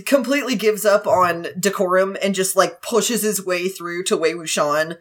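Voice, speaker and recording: A woman with a mid-pitched, everyday voice walks through plot events in casual podcast chat. She narrates step by step. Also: normal speed. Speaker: podcast co-host. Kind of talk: casual chat recapping a story.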